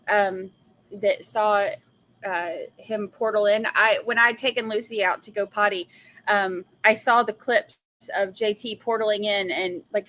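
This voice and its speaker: Bright chatty woman with twang. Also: mid-range voice, low-quality recording. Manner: warm, laughs a lot, chatty. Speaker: livestream host. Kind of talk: casual livestream chat.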